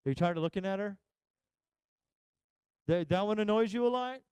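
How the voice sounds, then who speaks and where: A man preaching a sermon as pastor, talking straight to his listeners, asking them questions and pausing for effect. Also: high-pitched, darkish tone, smooth, no room sound, rough recording. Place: church.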